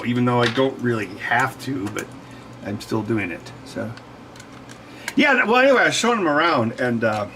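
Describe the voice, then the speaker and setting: A man's voice: medium pitch, sharp tone, slight background noise, low-quality recording. A man hosting a livestream, telling stories in a rambling, digressive way, correcting himself and laughing often while he works. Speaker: livestream host. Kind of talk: rambling casual chat while working.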